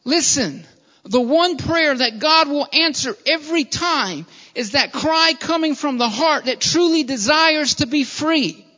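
A man's voice: very high-pitched, expressive, unhurried, pushed and bright. A man preaching a sermon in an earnest, repetitive style and often calling his listeners beloved. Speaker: pastor. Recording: dull lo-fi sound with long hall reverb.

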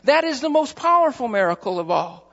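Male pastor, very high and gravelly voice, fervent repetitive sermon; muffled recording, long hall reverb. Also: sing-song, fairly quick, sharp tone. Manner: fervent, repeats phrases for emphasis.

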